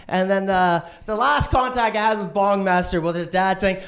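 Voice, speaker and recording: A man doing a stand-up set, manic and swearing, who acts out other people's lines in a shrill voice. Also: sing-song, a little fast. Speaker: stand-up comedian. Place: online streamed show.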